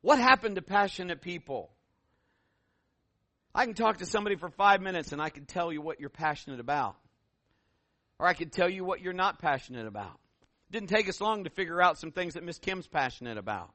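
A middle-aged man, a pastor, preaching a sermon with animated, folksy stories. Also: high voice, a little fast, no room sound.

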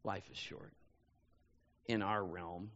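A man's voice: low-pitched, fairly even intonation, takes it slowly, vocal fry, fairly bright tone, long reverb tail, highs cut off. A man preaching a sermon as a pastor, telling personal stories in a conversational way and often saying "you know". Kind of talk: sermon storytelling.

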